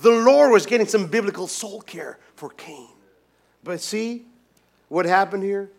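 High-voiced pastor preaching a sermon. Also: male voice, a little slow. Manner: swings from hushed to loud and emphatic, with many restarts.

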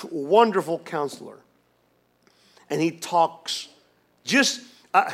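A man preaching a sermon as pastor, swinging from hushed, quiet lines to loud, emphatic ones, with many restarts. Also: high-pitched, very animated, unhurried, long pauses.

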